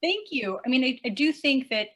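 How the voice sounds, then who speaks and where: A woman in her thirties, a science teacher talking as an interview guest, passionate and emotional, casual and animated. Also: high voice, normal speed.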